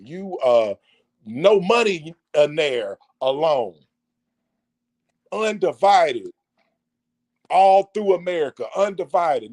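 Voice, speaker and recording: Animated preachy man with lively pitch. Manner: animated, rhetorical questions. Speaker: vlogger. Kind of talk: preachy monologue.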